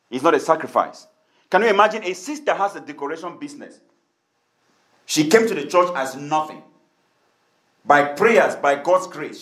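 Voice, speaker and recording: Male pastor, high-pitched, storytelling sermon delivery with quoted voices acted out; roomy, echoing sound. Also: a bit bright.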